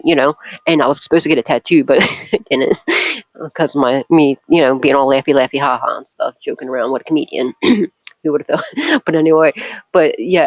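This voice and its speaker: A woman's voice: sits low, no echo, rough recording. Laughing, swearing woman tarot reader. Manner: loud, laughs often, swears freely. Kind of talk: casual storytelling and tarot reading.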